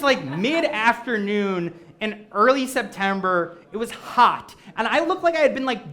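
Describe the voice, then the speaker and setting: A man performing stand-up storytelling on stage before a live audience, animated and self-mocking. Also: high-pitched. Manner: animated, self-mocking, acts out quoted voices. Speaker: comedic storyteller.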